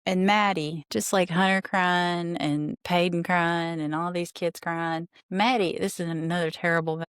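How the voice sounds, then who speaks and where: A woman's voice: on the low side, fairly even intonation, unhurried, clear, resonant tone, no room sound, studio quality. A woman hosting a podcast, giving chatty, indignant commentary on a reality TV rewatch. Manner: chatty, indignant, recaps scenes and reads quotes aloud. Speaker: podcast host.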